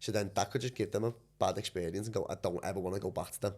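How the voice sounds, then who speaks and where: Man, fairly low voice, casual podcast chat, loose and rambling, lots of swearing. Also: steady tone, rapid-fire, darkish tone. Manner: swears freely, loose rambling with many fillers. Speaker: guest, mind and body coach.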